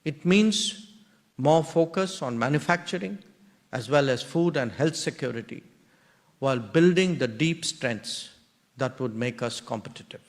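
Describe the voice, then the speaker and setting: A man with an Indian accent delivering a formal memorial lecture, speaking in measured, deliberate phrases broken into short clauses. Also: mid-range voice, expressive.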